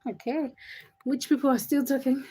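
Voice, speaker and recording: A woman's voice: sits high, fairly even intonation, normal speed, mellow, low-quality recording. A woman from Uganda hosting a casual livestream, reading viewer messages aloud and answering them with chatty, teasing comebacks. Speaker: livestream host. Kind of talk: casual live-chat stream, reading and answering viewer comments.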